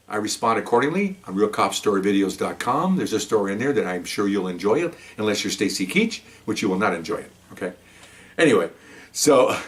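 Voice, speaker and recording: An older man, a retired police officer, telling stories in a casual, rambling way with frequent restarts and asides. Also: lowish voice. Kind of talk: casual anecdotal storytelling.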